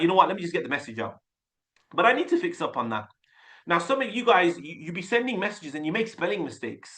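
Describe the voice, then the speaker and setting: Upbeat, bright-voiced coach with a Brummie accent. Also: male voice, on the high side. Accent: Birmingham English. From Birmingham, England. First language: Urdu. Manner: energetic, chatty, repeats and restarts words. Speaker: sales coach. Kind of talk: casual coaching on a video call. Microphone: desktop webcam mic.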